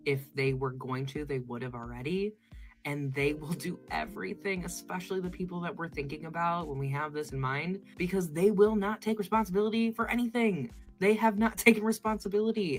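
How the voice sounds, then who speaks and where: Woman, vlogger, low voice, blunt, profane, lecturing, faint music behind. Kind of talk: casual commentary.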